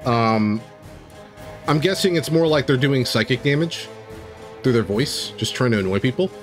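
A man's voice: mid-range voice, expressive, moderate pace, faint music behind. A man streaming and game-mastering, reading an AI-written tabletop story live and breaking off to react to it.

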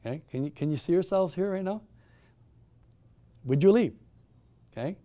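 A man's voice: high voice, lively intonation, moderate pace, mellow. A middle-aged man hosting a town hall, telling a story to a live audience with emphatic rhetorical questions and frequent restarts. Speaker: town hall host and moderator.

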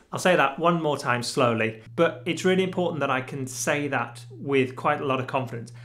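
A man's voice: medium pitch, a bit bright. A man teaching a guitar lesson, patiently explaining step by step and counting rhythms aloud. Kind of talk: instructional video lesson.

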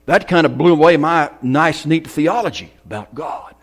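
A man pastor preaching a sermon in a church hall, with a fairly high voice. He swings from loud bursts to hushed whispers. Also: normal speed, husky.

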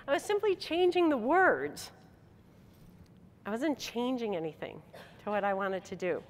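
A middle-aged Michigan woman delivers a motivational convention speech, sharing a personal story full of laughter and acted-out dialogue. Her medium-pitched voice moves at a normal speed with long pauses, and her manner is animated. The stage talk carries the reverb of a hall.

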